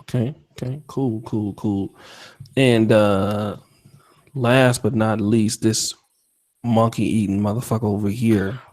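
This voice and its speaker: A man's voice: on the low side, slow. A man hosting a casual podcast chat, joking around, laughing and mimicking his friends. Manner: animated, laughing, mimics others' voices. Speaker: podcast host.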